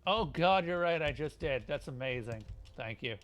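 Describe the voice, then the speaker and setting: A man's voice: fairly high pitch, animated, normal speed, a bit bright. A man streaming a video game, giving casual commentary with wry, grumbling asides.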